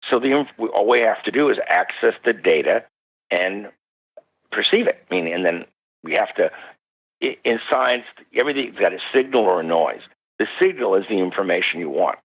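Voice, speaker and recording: A man being interviewed as a guest parapsychologist, telling stories animatedly with sudden jumps in pitch. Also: animated, moderate pace, slightly rough. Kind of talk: recounting stories in a radio interview. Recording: dull lo-fi radio call.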